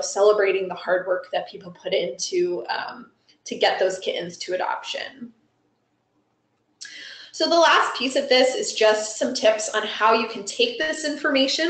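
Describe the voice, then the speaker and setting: Woman presenter, mid-pitched, chatty webinar delivery full of ums, recorded with a roomy echo. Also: fairly bright tone. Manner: friendly, chatty, frequent ums and you-knows. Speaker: animal shelter foster program presenter. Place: Los Angeles area.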